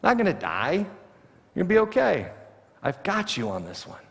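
A preacher doing Jesus as a relaxed, reassuring man, joking in easy modern slang. The voice sits a little high and rings with a long church reverb. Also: normal speed, gravelly, heavily acted. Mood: reassuring, casual. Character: Jesus, laid-back, reassuring grown man.

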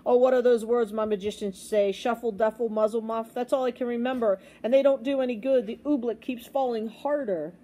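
Casual: a lady voicing a proud old king, bossy and booming, soft mellow sound. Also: steady tone, a little fast, few pauses, natural voice. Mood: pleading, fretful. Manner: booming, commanding. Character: old proud king, blustering then remorseful.

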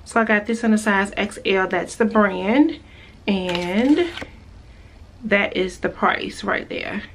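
A woman with a mid-range voice speaks slowly in a try-on haul vlog shot on a phone camera indoors at home. She's chatty, gushes over the clothes and repeats herself. The recording is distant, with a little hiss or hum.

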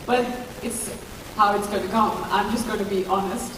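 A woman's voice: mid-range voice, steady tone, moderate pace. Brief: woman panel guest, meandering filler-heavy talk, far from the mic in a long-reverb hall. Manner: rambling and self-deprecating, many fillers. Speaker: panel guest at a product launch. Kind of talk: casual panel chat. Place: large echoey event hall. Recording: echoey hall, far-off mic, background noise.

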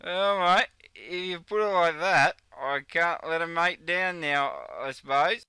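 A man's voice: a little high, measured pace, sharp tone, smooth, no echo, voice pushed up. A man with an Australian accent putting on a drunk bloke who slurs and stammers while turning down a drink. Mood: drunk protesting.

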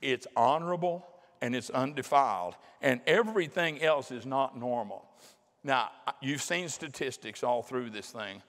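A middle-aged man preaching a sermon in a folksy, emphatic way, slowing down to drive his points home. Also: medium pitch, a bit bright. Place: large church hall. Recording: long hall reverb.

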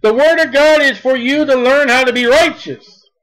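High-voiced man preaching. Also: a bit bright, rough recording. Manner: emphatic, reads scripture slowly then speeds up. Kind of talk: sermon.

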